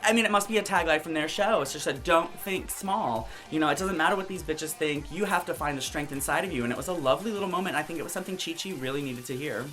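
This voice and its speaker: A man's voice: fairly high pitch, rapid-fire, few pauses, fairly bright tone, soft background music. A drag queen recapping a TV show in sassy, profane, theatrical commentary, often mimicking other people in quotes. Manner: brash, campy, profane, theatrical.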